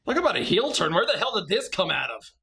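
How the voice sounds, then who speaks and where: A man's voice: high-pitched, big pitch swings, quick pace, gravelly, sharp tone. A man narrating a scripted comedic movie review with sarcastic, mocking asides.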